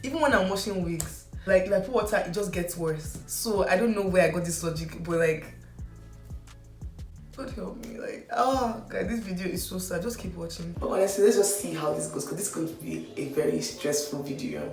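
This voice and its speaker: Talking to camera and over voice-over, this young woman rambles about her hair, poking fun at herself and filling her speech with "like." Her voice is on the low side, a little fast, with hardly any pauses, and the room echoes over faint music.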